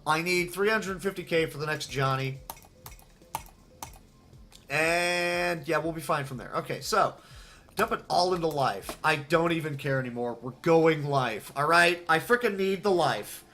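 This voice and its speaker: A man commentating his own speedrun live, excitable and self-deprecating, chatting with viewers as he plays. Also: on the high side, unhurried.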